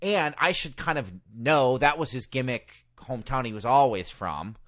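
A man's voice: medium pitch, normal speed. A man co-hosting a casual podcast, telling stories with lots of acted-out quotes and swearing. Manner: animated storyteller, acts out quotes, swears. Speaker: podcast co-host, former ring announcer. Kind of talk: casual storytelling chat.

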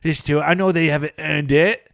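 A man's voice: fairly high pitch, fairly even intonation, quick pace, fairly bright tone, no echo. A man voicing a rude, greedy man who mocks and insults the hosts while reading contact details. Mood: mocking. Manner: insulting, mocking, gruff. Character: rude greedy British man demanding cash.

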